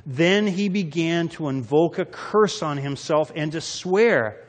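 A male pastor gives a sermon in a slightly high voice, moving from loud, punchy lines to quiet, intense ones as he reads and explains scripture. The sound carries a long echo, as if in a church hall. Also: measured pace, few pauses. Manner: dramatic scripture reading with lots of shifts in loudness.

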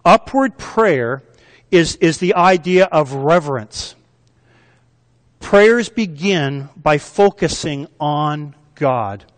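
A man with a high voice preaches slowly and deliberately, pausing so the congregation can answer back. His words ring out with a long hall reverb, as in a church sanctuary. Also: expressive. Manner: call-and-response preaching, asks the congregation to repeat words. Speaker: pastor. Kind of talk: sermon.

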